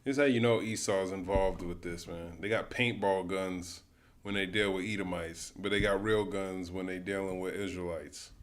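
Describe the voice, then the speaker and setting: Deep-voiced man doing casual commentary. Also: fairly even intonation, normal speed, background noise. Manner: loose, profane, calls everyone "man". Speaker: livestream host.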